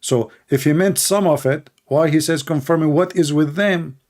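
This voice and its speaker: With a slightly high, darkish voice at a moderate pace, a male call-in host delivers mocking monologue commentary. He sounds sarcastic and scornful, with rhetorical questions and grammar that breaks down.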